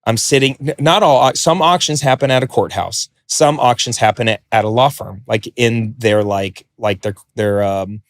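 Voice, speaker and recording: A man telling a story as a podcast guest, animated, acting out quotes and swearing freely. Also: medium pitch, moderate pace, few pauses, no echo, studio quality. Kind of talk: podcast interview.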